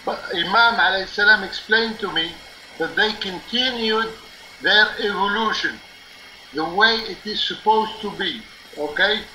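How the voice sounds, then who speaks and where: A man's voice: high voice, a little slow, bright, forceful tone, a little hiss or hum, rough recording. A man hosting a live religious talk show, explaining earnestly and insistently, often checking in with "okay?". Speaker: live-stream show host. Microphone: live stream or call-in line.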